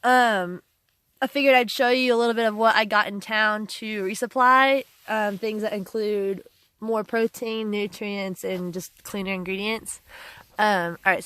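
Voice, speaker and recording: A woman hiker telling stories to the camera outdoors, chatty and animated, laughing often. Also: medium pitch, smooth. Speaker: long-distance hiker vlogger. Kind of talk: casual storytelling to camera. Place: outdoors by a trail road.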